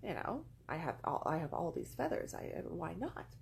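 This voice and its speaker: A trusting little songbird, wide-eyed and easily tempted, as a woman puts him on while telling a fable. The voice has a gravelly edge over a faint hiss in the background. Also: on the low side, sing-song, moderate pace, a little mellow, voice pushed down. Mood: eager. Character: naive eager male songbird.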